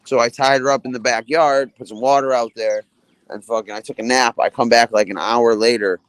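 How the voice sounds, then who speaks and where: A man's voice: mid-range voice, a little fast, dry recording. A man in casual conversation, telling a rambling story full of swearing and laughter. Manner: profane, laughing, animated storyteller.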